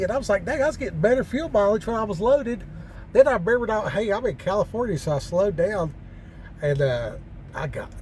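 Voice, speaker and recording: A man's voice: a little high, mellow, slight background noise. A man telling rambling, folksy stories in a drawling country way, full of fillers and restarts, for his vlog from a truck cab parked up on a mountain pass. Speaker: truck driver vlogger. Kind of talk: casual storytelling vlog.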